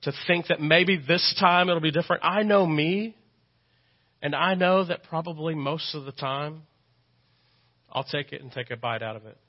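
A man's voice: on the high side, normal speed, highs cut off. A man with a Texan accent preaching a sermon as a pastor, earnest and conversational, repeating phrases for emphasis and dropping in self-deprecating asides. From Texas. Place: church sanctuary.

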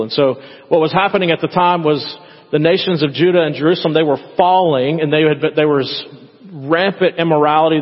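A male pastor preaching a sermon in a church, talking conversationally and acting out prayers in quoted voices. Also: on the high side. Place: church sanctuary. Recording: echoey hall, dull lo-fi sound.

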